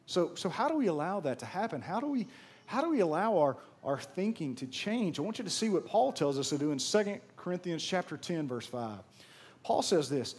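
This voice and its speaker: A man delivering a sermon in a rather high voice. He often circles back and repeats phrases, and his delivery builds to loud, emphatic stretches. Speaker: pastor.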